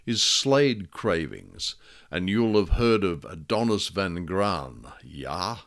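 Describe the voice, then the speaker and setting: A man voicing a smooth, boastful male con man who smuggles cigars, talking with brash self-assurance. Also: sits low, sing-song, slow pace, a bit bright, full character voice.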